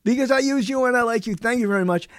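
A man's voice: extremely high pitch, fast talker, no room sound, studio quality. A man hosting a live talk show, chatting in a rambling, digressive way and often breaking off mid-sentence. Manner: digressive, chatty, self-interrupting. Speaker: radio show host. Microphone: studio microphone.

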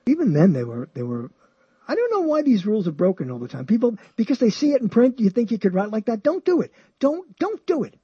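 A man hosting a show, talking about books in a rambling, animated way, often chuckling and swinging his pitch high and low. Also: quick pace, husky, no room sound, highs cut off. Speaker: show host. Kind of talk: rambling radio-style talk about books.

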